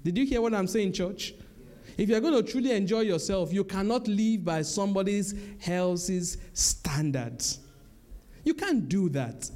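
A man's voice: high voice, animated, a little slow, darkish tone. A man preaching a sermon in church, emphatic and repetitive, speaking straight to the congregation.

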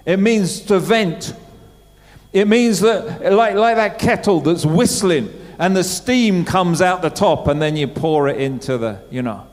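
Middle-aged preacher with a high voice. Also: male voice, unhurried. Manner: conversational, asks the congregation questions. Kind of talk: sermon. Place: church. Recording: church hall with long reverb.

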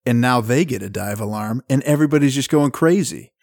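A man's voice: mid-range voice, expressive, brisk, vocal fry, a little mellow, no room sound. Laid-back man with a dry, close sound. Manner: laid-back, chatty storytelling with fillers. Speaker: podcast co-host. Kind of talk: casual chat recapping a film.

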